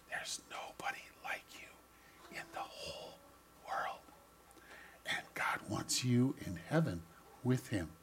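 An older man, a pastor, giving a gentle storytelling children's sermon and speaking directly to the kids. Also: mid-range voice, husky.

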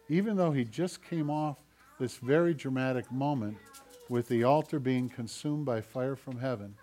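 A man preaching a sermon, swinging from urgent, raised passages to hushed, quiet ones. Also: mid-range voice. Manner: dramatic shifts between loud urgency and hushed quiet. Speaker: pastor.

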